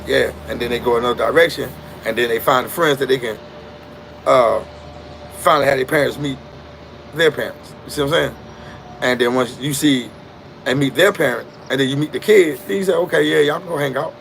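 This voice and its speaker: Emphatic male storyteller, casual and preachy, gravelly, mid-pitched. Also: fairly quick, fairly bright tone, a little hiss or hum. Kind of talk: casual street storytelling monologue.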